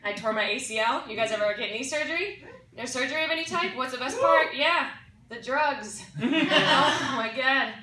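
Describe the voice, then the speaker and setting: A woman's voice: high voice, normal speed, pushed and bright, roomy sound, distant mic, slight background noise. A woman doing a stand-up set, brash and laughing at her own jokes. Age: 20s. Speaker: stand-up comedian. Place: comedy club stage. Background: audience laughter.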